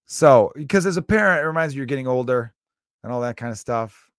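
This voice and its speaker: A man's voice: mid-range voice, animated, fast talker, smooth, dry recording, studio quality. A man in his thirties hosting a podcast, telling a rambling story in a profane, self-mocking, casual way. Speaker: podcast host. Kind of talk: casual comedic monologue.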